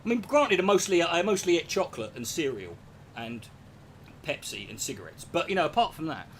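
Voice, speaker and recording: A man's voice: a little high, sing-song, a little fast, slight background noise. A man, ranting casually to his chat, sweary and sarcastic. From England. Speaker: streamer answering chat. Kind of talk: casual profane rant.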